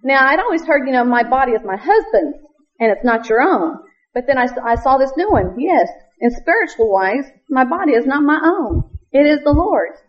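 A woman's voice: sits high, sing-song, moderate pace. Earnest woman giving a church testimony. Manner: earnest, laughs often, quotes scripture in King James wording. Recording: dull lo-fi recording.

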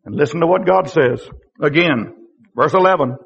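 High-voiced impassioned preacher man. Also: moderate pace, creaky, husky, dull audio. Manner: impassioned, swinging between loud and hushed, rhetorical questions. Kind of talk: sermon.

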